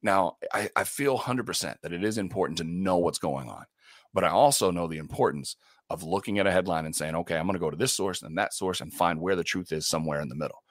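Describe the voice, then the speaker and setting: A man who hosts a radio morning show, a guest in an interview, telling faith stories in an earnest, animated way, often restarting and laughing. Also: low-pitched, quick pace, no echo, studio quality. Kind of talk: faith-centered interview storytelling.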